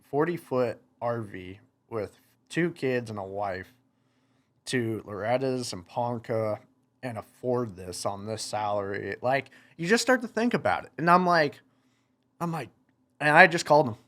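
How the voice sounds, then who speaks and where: A young man chats as a podcast guest, spinning stories with plenty of energy. He laughs as he goes and acts out what others said. His voice sits at an ordinary, mid-range pitch. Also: a little slow, long pauses. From United States. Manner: animated, laughs while telling stories, acts out quotes. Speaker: podcast guest, motocross racer. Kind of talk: casual storytelling.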